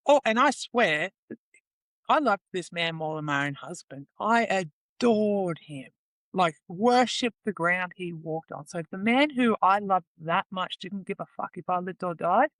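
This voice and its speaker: A woman's voice: medium pitch, lively intonation, unhurried, a bit bright, dry recording. A woman, a guest in an interview, telling her story in a raw, emotional way, swearing freely and acting out the quoted voices of others. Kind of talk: candid personal interview.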